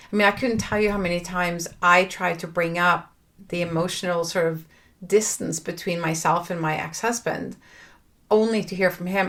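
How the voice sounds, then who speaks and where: Earnest woman with a low voice. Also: steady tone, moderate pace, fairly bright tone. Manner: earnest, reflective, conversational with fillers and restarts. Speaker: podcast host. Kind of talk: personal monologue.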